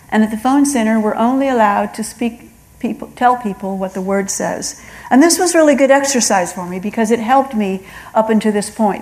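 This middle-aged woman's voice is on the high side and a touch mellow, heard through poor audio. She earnestly shares her testimony, voicing both God and the people who called her.

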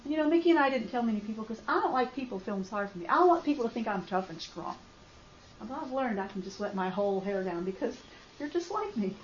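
Woman with a high voice giving an emotional testimony that swings from quiet to loud, recorded roomy and slightly dull. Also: expressive, fast talker, slight background noise. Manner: impassioned storytelling that swings from hushed to loud outbursts. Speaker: speaker sharing a faith testimony.

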